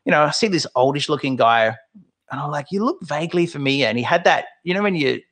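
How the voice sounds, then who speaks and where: A man in his thirties with an Australian accent, telling animated stories in a casual chat and acting out the voices of people he quotes. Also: a little high, fast talker. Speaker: guest.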